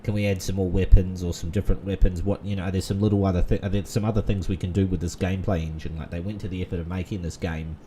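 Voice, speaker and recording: Man, low mellow voice, rambling gaming commentary, faint background noise. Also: fairly even intonation, fast, hardly any pauses. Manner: rambling, many fillers and restarts. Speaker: gaming channel host. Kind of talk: casual let's-play commentary.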